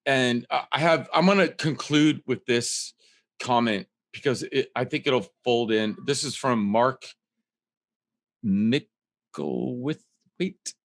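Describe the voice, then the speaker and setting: A man hosting a podcast over a video call, talking in a loose, rambling way with swearing, swinging from loud joking to soft emotional moments. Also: mid-range voice, measured pace. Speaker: podcast host.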